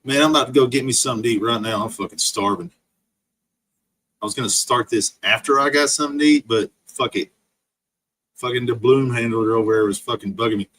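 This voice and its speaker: A man's voice: mid-range voice, fairly quick, fairly bright tone. A man streaming an angry, profane rant full of insults. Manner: profane, insult-laden ranting.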